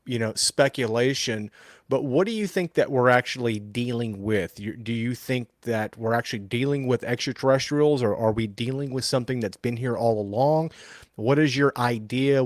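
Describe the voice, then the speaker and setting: A man hosting a podcast, asking questions in a loose, casual way with plenty of fillers. His voice sits at an ordinary pitch. The sound is dry and close. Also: moderate pace, no echo. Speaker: podcast host. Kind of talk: conversational interview.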